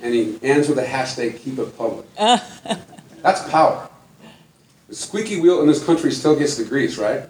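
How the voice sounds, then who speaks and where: A man's voice: mid-range voice, big pitch swings, a little slow, long pauses, darkish tone, slight background noise. A middle-aged man giving an earnest, folksy story-driven talk to an audience as a conservation speaker. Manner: earnest, folksy, laughs between points. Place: large room before an audience. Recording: echoey hall, mic from far off.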